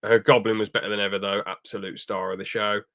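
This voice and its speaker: A man's voice: lowish voice, little pitch movement, fast, a bit bright. Rambling young man reviewing a film. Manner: rambling, restarts often, acts out quotes. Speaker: podcast host.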